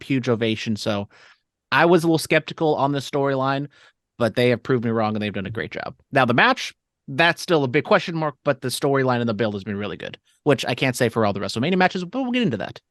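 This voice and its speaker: A man's voice: medium pitch, a bit bright, dry recording, clean studio sound. A man co-hosting a wrestling podcast in casual chat, teasing and giving long-winded analysis. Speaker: podcast co-host.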